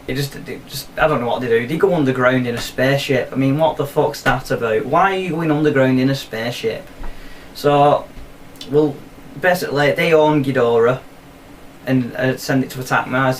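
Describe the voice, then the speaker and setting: A man's voice: mid-range voice, moderate pace, recorded from a distance, slight background noise. A young man hosting a film review show, recapping the plot in a rambling, sweary, jokey way.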